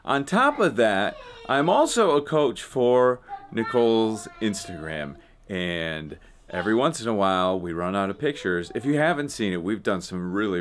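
A man's voice: deep voice, roomy sound, background noise. A man in his thirties chatting casually for a family vlog, self-mocking and rambling, out of breath at times. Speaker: vlogger. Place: home photo studio room.

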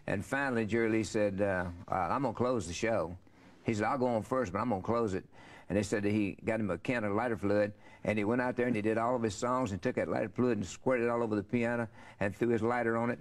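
Folksy older man, quick talker. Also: medium pitch. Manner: rambling, folksy storyteller with many fillers. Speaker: interview guest, country singer. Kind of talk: casual storytelling interview.

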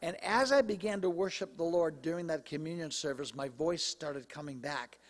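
A male pastor preaching a sermon in a conversational, animated way, his voice slightly hoarse. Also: a little high, moderate pace, in a large hall. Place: church sanctuary.

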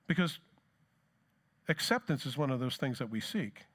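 A middle-aged male pastor delivers a sermon in an easy, conversational way. His voice sits in an ordinary middle pitch for a man. He keeps asking rhetorical questions and adds plain asides as he talks. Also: very animated, moderate pace, pauses often, fairly bright tone.

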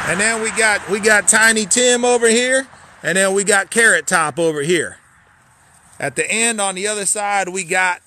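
A man's high-sitting voice, bright and forceful, rises and falls with lively intonation at a measured pace. He's running a hyped live sales tour inside a wooden cabin, moving from spot to spot, packed with hype-man catchphrases and sudden whoops.

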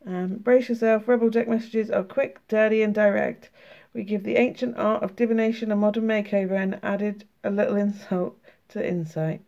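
British woman vlogger with a sore throat, gravelly, casual and laughing, swears a lot; lo-fi home recording. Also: mid-range voice, steady tone, normal speed, few pauses, dark tone. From United Kingdom. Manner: chatty and laughing, swearing freely. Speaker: tarot and oracle card vlogger. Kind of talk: casual card flip-through, reading cards aloud.

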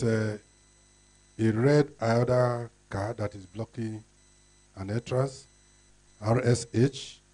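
A man's voice: fairly low pitch, warm tone. A man with a Nigerian accent serving as master of ceremonies at an event, making formal announcements with occasional fillers. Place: event hall.

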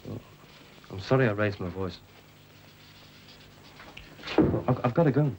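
A man's voice: fairly low pitch, animated, measured pace, creaky, a little mellow, slight background noise, poor audio. An actor playing a flustered young man who stammers and pleads with his mother, in a 1960s TV drama.

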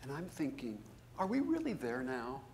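A man, a business school professor, giving a conference keynote as an animated storyteller who jumps into high, emphatic bursts. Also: moderate pace, a little hiss or hum.

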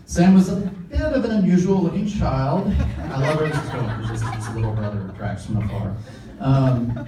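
A man's voice: medium pitch, lively intonation, moderate pace. A man in his thirties giving a jokey wedding toast as best man and reading a letter aloud from his notes. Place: wedding reception room. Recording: echoey room from far off, noisy.

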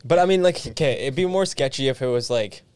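A man's voice: mid-range voice, lively intonation, fast talker, a little mellow, clean tone, dry recording. A young man co-hosting a podcast in a studio, chatting easily and joking back and forth. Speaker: podcast co-host. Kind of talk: casual chat.

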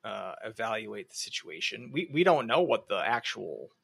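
A man's voice: lowish voice, big pitch swings, moderate pace, creaky, fairly bright tone, husky. A man co-hosting a sports podcast, talking through recruiting in a casual, analytical way with frequent restarts. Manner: analytical, hedging with many restarts. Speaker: podcast co-host.

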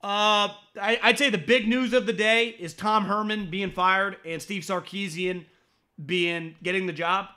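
A man's voice: steady tone, a little slow. A man hosting a sports podcast, blunt and profane, with stammering restarts as he gives his opinions. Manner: mocks critics in a high shouting voice. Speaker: podcast host.

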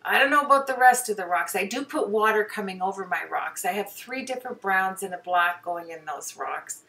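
A woman's voice: mid-range voice, brisk, sharp tone. Chatty woman painter, slightly distant mic. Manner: chatty, rambling, self-deprecating, many fillers. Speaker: hobby painter. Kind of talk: casual voice-over about her own painting.

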